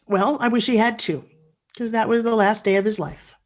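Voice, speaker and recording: A woman's voice: a little high, moderate pace, darkish tone. A middle-aged woman giving a motivational speech over a video call from her living room, moving between intimate storytelling and rallying the audience. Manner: earnest, intimate storytelling that builds to rallying cheers. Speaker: motivational speaker.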